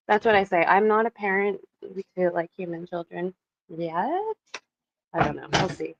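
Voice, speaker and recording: A woman's voice: fairly low pitch, steady tone, unhurried, gravelly, long pauses, muffled recording, very noisy. A Canadian woman in her thirties chatting casually with viewers on a live stream, rambling, laughing often and swearing now and then. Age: 30s.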